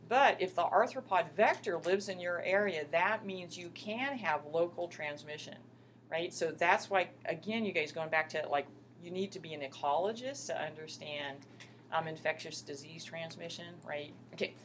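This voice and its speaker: A woman's voice: on the low side, normal speed, fairly bright tone, slight background noise. A middle-aged woman teaching a microbiology lab class, talking in a chatty, impassioned way and calling her students "you guys". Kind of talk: classroom lecture.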